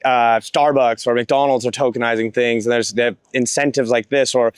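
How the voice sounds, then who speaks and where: A man's voice: medium pitch, fairly even intonation, normal speed, clean tone, dry recording. A man hosting a podcast interview, enthusiastic and agreeing often. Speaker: podcast host. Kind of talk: casual interview chat.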